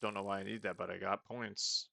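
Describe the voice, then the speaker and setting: Low-voiced man rambling through a game. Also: level tone, fairly quick, creaky, background noise. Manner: rambling, thinking aloud with restarts. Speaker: let's play host. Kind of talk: casual gameplay commentary, reading game text aloud. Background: game music.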